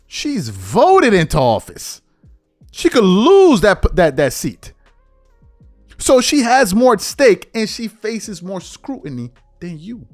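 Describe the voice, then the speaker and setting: A man's voice: sits high, wildly swooping pitch, slow, dry recording, studio quality, faint music behind. A man hosting an opinion commentary show, talking in an emphatic, slangy way and sometimes mocking others. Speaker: commentary host.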